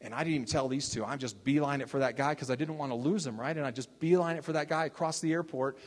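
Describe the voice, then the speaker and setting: An older man from Texas telling his testimony as a ministry leader, in a chatty, animated storytelling manner with frequent restarts and asides. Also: mid-range voice, fast, big-room sound.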